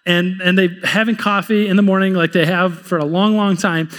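A man's voice: sits high, steady tone, moderate pace, a bit bright, in a large hall. A man preaching a sermon in a church, conversational and repeating words as he builds his points. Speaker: pastor. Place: church sanctuary.

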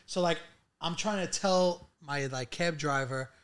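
Chatty podcast co-host, a man, slightly high. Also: a little slow, fairly bright tone, clear, resonant tone. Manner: chatty, tells stories with little laughs. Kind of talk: casual podcast chat.

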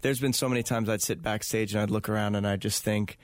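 A man's voice: lowish voice, steady tone, fast talker, no room sound, clean studio sound. A man speaking as an interview guest, talking earnestly and reflectively with many fillers and restarts. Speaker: guest, touring event host. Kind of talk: casual interview conversation.

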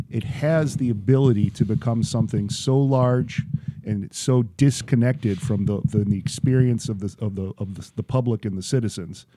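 Male podcast guest, measured and lecturing, dark mellow tone. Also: lowish voice, dry recording. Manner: measured, lecturing, lays out arguments step by step. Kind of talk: casual political chat.

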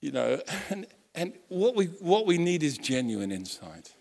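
Guy preaching, super lively ups and downs, tells stories and acts out the voices, echoey hall. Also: a little high, a little slow, gravelly. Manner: animated storytelling, acts out quotes, self-correcting restarts. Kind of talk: sermon. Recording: long hall reverb.

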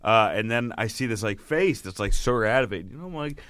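A man with a bright, forceful voice tells comedy stories in a loose podcast chat. He swears often and slips into other people's voices as he goes. The sound is dry and close. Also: on the low side, a little fast, hardly any pauses, dry recording. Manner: animated, swears a lot, acts out quotes. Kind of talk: casual podcast chat, storytelling.

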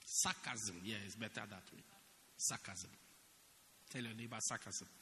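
A man preaching a sermon, animated and joking with the congregation. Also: on the low side, a little slow, slight background noise. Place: church hall. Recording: reverberant church hall.

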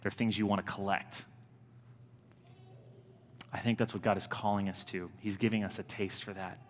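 Earnest low-voiced preacher in a reverberant church. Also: male voice, level tone, normal speed, slight background noise. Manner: earnest, conversational preaching with emphatic repetitions. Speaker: pastor. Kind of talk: sermon. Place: church sanctuary. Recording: long reverb of a large church.

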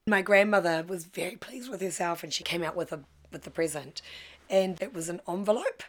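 A woman's voice: fairly low pitch, brisk. A middle-aged woman, telling her own life story frankly and acting out the voices in it. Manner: frank, animated, acts out quoted voices. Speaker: guest storyteller. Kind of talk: personal storytelling.

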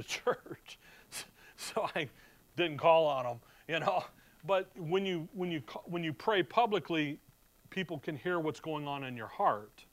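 A middle-aged man as a pastor, preaching in a conversational way and reading scripture aloud to his church. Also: on the high side. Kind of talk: sermon.

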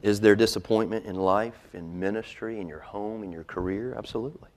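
A male pastor preaching a sermon, swinging from loud emphasis to hushed, whispered lines. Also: on the low side, a little fast.

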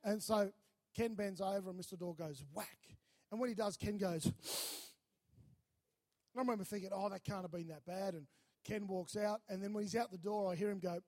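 A man preaching a sermon, telling a lively story and acting out the voices in it. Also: high-pitched. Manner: animated, acts out voices in his stories. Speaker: pastor.

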